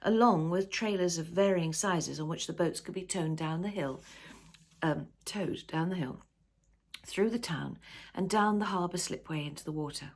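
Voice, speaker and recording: Author reading her novel aloud, lower-pitched woman, unhurried storyteller. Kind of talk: storybook narration.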